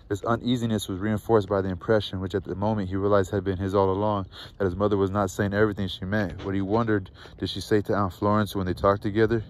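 Male read-aloud narrator, low pitch, flat and steady, self-corrects at times. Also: slight background noise. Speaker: audiobook reader. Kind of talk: reading a novel aloud.

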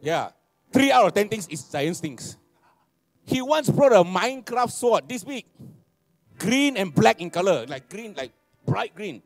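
A man, preaching a sermon, animated and laughing, repeating phrases and asking for amens. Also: high-pitched, unhurried, no room sound. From Malaysia. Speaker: pastor. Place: church hall.

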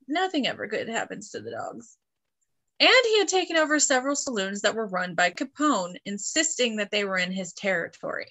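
A woman's voice: mid-range voice, bright, forceful tone. A woman co-hosting a podcast, reading history notes and throwing in joking asides in casual chat. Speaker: podcast co-host.

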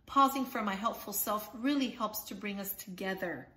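A woman voicing a contented father who is enjoying time with his children, musing softly. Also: mid-range voice, normal speed, lightly acted.

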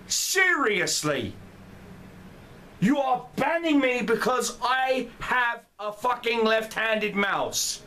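A man's voice: very high voice, expressive, takes it slowly, pushed and bright, slight background noise. A man in a furious, profane rant as a gamer, heated and swearing throughout. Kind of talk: angry rant vlog.

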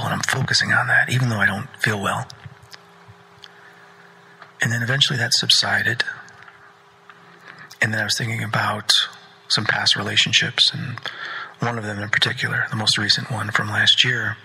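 Husky, flat-voiced man telling his story. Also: lowish voice, a little fast, low-quality recording. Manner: earnest, often drops into a breathy near-whisper. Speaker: podcast host. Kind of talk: personal storytelling monologue.

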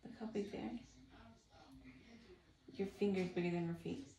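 A middle-aged woman coos in gentle baby talk, her mellow, warm voice a little off-mic. The room around her is echoey and bare. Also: on the low side, steady tone, moderate pace. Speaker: mother. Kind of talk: casual family chat at home.

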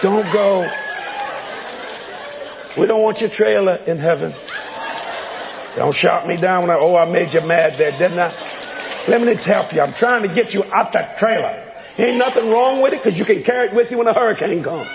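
An older man preaches, his high, gravelly voice leaping all over the place. He is captured in a big hall with long reverb and a dull, muffled sound. A faint congregation murmurs behind him. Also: brisk, a crowd in the background, noisy background. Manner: animated, swings between shouting and low asides, folksy humor. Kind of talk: sermon.

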